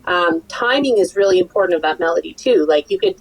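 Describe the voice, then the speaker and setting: A woman's voice: lowish voice, expressive, quick pace, rough recording. A woman who teaches songwriting, talking casually in a roundtable, thinking aloud and sometimes humming melodies as nonsense syllables.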